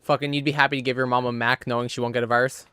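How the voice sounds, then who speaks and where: A man with a bright, crisp voice, recorded dry and close. He talks bluntly and swears freely, and his voice climbs when he gets worked up. This is casual chat between friends. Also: mid-range voice, little pitch movement, racing, no echo. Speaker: podcast co-host.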